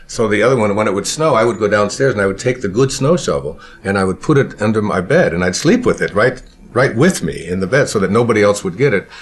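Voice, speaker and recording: A man from Michigan telling stories from his childhood in an unhurried, reflective way, often pausing to search for words. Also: lowish voice, animated. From Michigan, USA. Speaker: speaker recalling his childhood. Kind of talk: personal storytelling.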